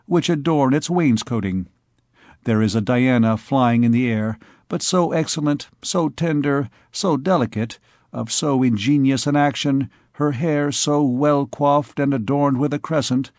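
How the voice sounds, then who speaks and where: A man's voice: on the high side, a little mellow, dry recording, clean studio sound. A man voicing a wily, wheedling royal doctor. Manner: slow, pompous, wheedling. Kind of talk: audiobook character reading.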